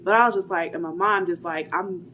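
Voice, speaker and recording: A woman's voice: lowish voice, steady tone, fairly quick, a bit bright, slight background noise. A young woman casually telling a personal story, chatty and full of fillers, acting out what people said. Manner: chatty, retells dialogue, many "like" fillers.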